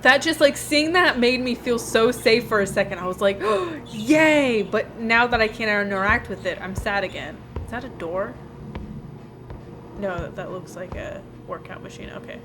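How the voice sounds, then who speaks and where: A woman's voice: medium pitch, moderate pace. A woman playing a horror game and commenting as she goes, nervous, muttering to herself and laughing from fear. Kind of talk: let's play commentary. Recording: home recording with noticeable background noise. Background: passing traffic noise.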